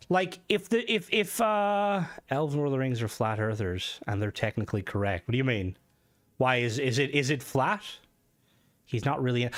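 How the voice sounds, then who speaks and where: A man streaming a game and chatting casually with his viewers, rambling and swearing, with many fillers, and his voice jumps higher when he gets worked up. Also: a bit bright. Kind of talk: casual live-stream chat.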